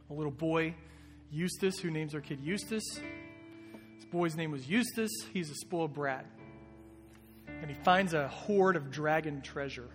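A man preaching a sermon as a pastor, in an earnest, conversational way. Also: fairly high pitch. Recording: long reverb with soft guitar behind.

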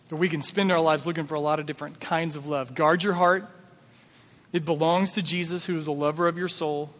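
A man with a fairly high voice preaches in a church sanctuary and keeps throwing rhetorical questions at the congregation. His speech stays casual and conversational. A long reverb from the hall follows every line. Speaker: pastor. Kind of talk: sermon.

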